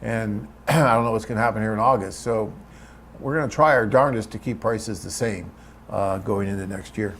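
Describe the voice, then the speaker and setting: A man's voice: fairly low pitch, normal speed, fairly bright tone, a little hiss or hum. A man hosting a live webcast, reading out viewer questions and answering them in a chatty, off-the-cuff way.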